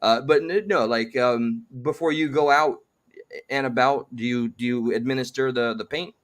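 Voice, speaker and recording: A man's voice: mid-range voice, moderate pace, fairly bright tone. A man hosting a casual chat from his home, wordy and slightly formal in his phrasing. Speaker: host.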